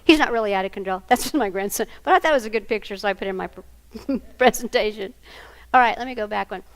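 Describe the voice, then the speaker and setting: A woman's voice: mid-range voice, quick pace. An older woman, a grandmother, presenting a live training workshop and quizzing her audience. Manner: animated, asks the audience questions.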